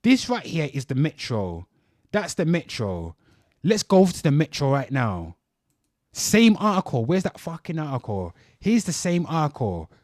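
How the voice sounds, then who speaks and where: A young man on a reaction commentary show rants at his viewers, swearing freely and turning back to address them over and over. His voice sits high for a man and swoops through a wide range. The recording is close and dry, with no room sound. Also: huge pitch swings, a little slow, a little mellow, no echo. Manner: heated, swearing, repeatedly addressing "people". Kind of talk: profane ranting commentary to viewers.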